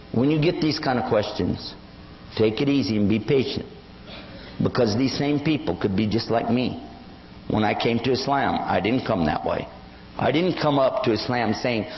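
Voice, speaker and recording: With a mid-range voice, moderate pace and long pauses, an older preacher gives an Islamic lecture. He brings his stories to life by performing the quoted voices, heard in an echoey hall through dull lo-fi audio.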